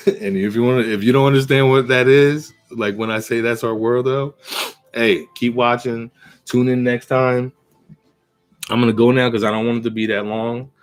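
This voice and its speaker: A man's voice: mid-range voice, steady tone, normal speed, clean tone, faint music behind. A man hosting a video, casually preaching and telling a parable, asking "right?" as he goes. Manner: rambling storyteller, asks "right?" often. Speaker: video host.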